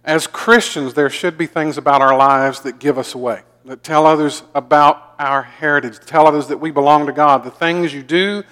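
Preaching in a church sanctuary, a Southern pastor with a mild accent mixes folksy jokes with frequent repetition. His fairly high, slightly bright voice keeps a fairly even intonation and moderate pace with hardly any pauses. Long hall reverb colors the sound.

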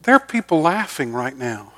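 A middle-aged pastor preaching a sermon earnestly, moving between loud emphasis and soft, quiet lines. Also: male voice, on the high side, big pitch swings, normal speed.

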